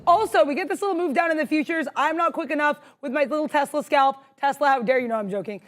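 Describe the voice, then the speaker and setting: Young woman host, high voice, rapid-fire, jittery, bubbly live-stream trader. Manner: fast, bubbly, self-deprecating. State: jittery with adrenaline. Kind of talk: live trading stream chat.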